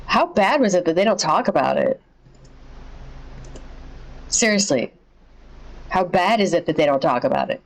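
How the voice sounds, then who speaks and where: A woman's voice: lowish voice, very animated, moderate pace, long pauses, low-quality recording. A woman streaming from home, chatting casually, swearing freely and tossing out sarcastic asides. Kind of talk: casual live-stream reaction. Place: home streaming setup with green screen.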